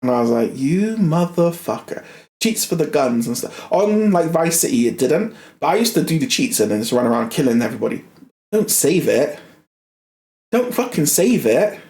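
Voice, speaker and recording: A man's voice: mid-range voice, fairly quick, creaky. Young guy ranting about games, swears a ton, voice all over the place, roomy echo. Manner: animated, swears a lot, repeats himself. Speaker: gaming streamer. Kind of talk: casual rant while gaming.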